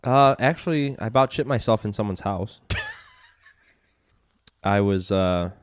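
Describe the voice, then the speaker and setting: A man's voice: lowish voice, unhurried, slight background noise. A tired man on a podcast giving short, dry replies in a casual chat. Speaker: podcast co-host.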